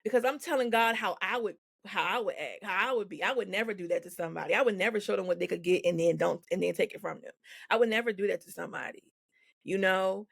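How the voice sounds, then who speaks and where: A woman's voice: medium pitch, fast, creaky, no echo, studio quality. A woman guest on a podcast, speaking frankly and with animation, laughing often as she tells her story. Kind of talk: candid conversational storytelling. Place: podcast recording.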